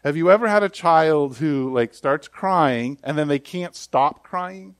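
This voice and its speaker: A man's voice: a little high, measured pace, dry recording. Conversational male pastor, dry sound. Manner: conversational and animated, acting out quoted voices. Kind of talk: sermon.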